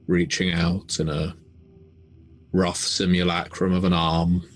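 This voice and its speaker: A man running a tabletop horror game, narrating in a slow, measured, ominous way. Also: sits low, a little hiss or hum. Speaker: game master.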